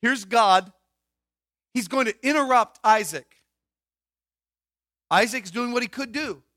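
A man's voice: very high voice, slow pace, pushed and bright, no room sound, studio quality. A man preaching a sermon in an emphatic way, asking rhetorical questions and dropping his voice to stress points. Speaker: pastor.

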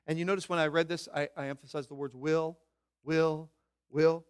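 A man preaching a sermon, pressing his points with slow, loud declarations and then dropping to quiet, low asides. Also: little pitch movement, clean tone. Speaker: pastor.

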